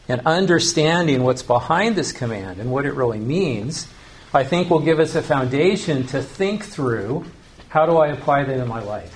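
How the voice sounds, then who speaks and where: A man preaching a sermon, earnest and teaching, slowing down to stress key phrases. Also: mid-range voice. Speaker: pastor.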